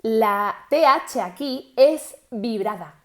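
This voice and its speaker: A woman's voice: fairly high pitch, lively intonation, a bit bright. Upbeat woman teaching English pronunciation. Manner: encouraging, drills pronunciation slowly and repeats words. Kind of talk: bilingual English lesson.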